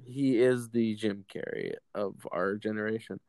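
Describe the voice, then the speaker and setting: Young male podcast co-host, smooth voice, dry close sound, crude jokester. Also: lowish voice, steady tone, a little slow, a little mellow, no room sound. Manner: joking, laughs often, crude. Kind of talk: casual chat.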